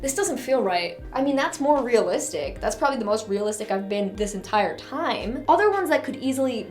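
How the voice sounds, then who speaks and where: A woman hosting her own channel, chatting excitedly and rambling as she ranks songs, often gushing and squealing. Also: a little high, faint music behind. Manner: gushing, rambling, quick mood swings into squeals. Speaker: reaction channel host. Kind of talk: excited casual chat ranking songs.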